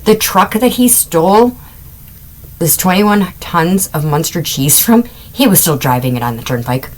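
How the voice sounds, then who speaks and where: A woman's voice: on the low side, expressive, a little slow, low-quality recording. A middle-aged woman hosting a casual crime podcast, telling stories with chatty asides and amused laughs. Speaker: podcast host.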